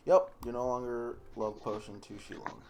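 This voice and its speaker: A man's voice: medium pitch, little pitch movement, normal speed, darkish tone. A man narrating as game master in a casual tabletop session, talking loosely with filler words.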